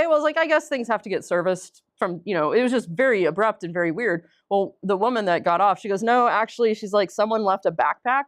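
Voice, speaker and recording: A woman co-hosts a casual podcast, spinning long anecdotes full of excited quoted voices and easy laughter. Her voice sits mid-pitch and sounds dry and close to the mic. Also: fast, hardly any pauses, no echo. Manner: chatty storyteller, animated quoted voices, frequent laughs. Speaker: podcast co-host. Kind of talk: casual chat.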